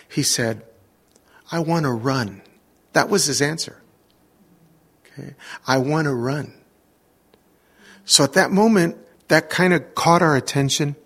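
A middle-aged man preaching, telling an animated personal story in a sermon and acting out the voices of the people in it. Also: on the high side, creaky. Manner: animated anecdotes with quoted voices and laughter.

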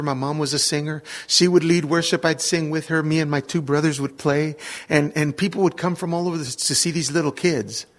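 A middle-aged man preaching, telling an animated personal story in a sermon and acting out the voices of the people in it. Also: fairly high pitch, gravelly, slightly rough. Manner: animated anecdotes with quoted voices and laughter.

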